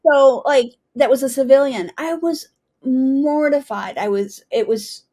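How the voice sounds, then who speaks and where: A woman's voice: high voice, unhurried, mellow. A middle-aged woman from the United States, a retired Army pilot, telling her story as a guest and often asking "right?". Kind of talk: storytelling interview.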